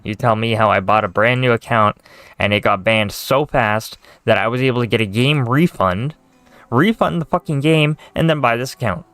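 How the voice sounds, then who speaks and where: A man's voice: mid-range voice, normal speed, fairly bright tone, smooth, no room sound, faint music behind. Profane, exasperated man ranting. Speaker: gaming video creator. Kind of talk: casual rant to camera.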